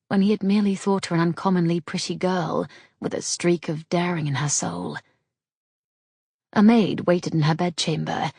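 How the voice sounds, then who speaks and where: Audiobook reader: woman, low pitch, husky tone, dry close studio sound. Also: darkish tone, no echo. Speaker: audiobook narrator. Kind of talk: scripted romance narration.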